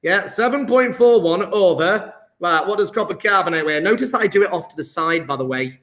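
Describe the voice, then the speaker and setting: Male chemistry tutor, high voice, chatty and upbeat, talks through the working live and cheers the class on. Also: animated, a little fast, fairly bright tone. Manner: upbeat, chatty, praising students as he works sums aloud. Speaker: chemistry teacher. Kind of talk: live online exam-prep lesson.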